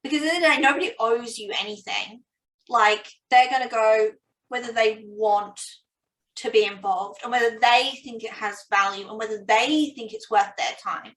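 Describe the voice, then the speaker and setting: A woman's voice: a little high, normal speed, fairly bright tone. A young woman, a PhD student, talking casually and self-deprecatingly about her research, full of "like" fillers. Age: young adult. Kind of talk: casual academic conversation. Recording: roomy sound from a distance.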